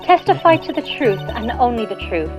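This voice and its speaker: A woman's voice: on the high side, very animated, fairly quick, low-quality recording. Woman as a haughty female prosecutor; theatrical, mocking, game music under. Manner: mocking, dramatic line reading. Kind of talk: dubbing game text aloud with friends.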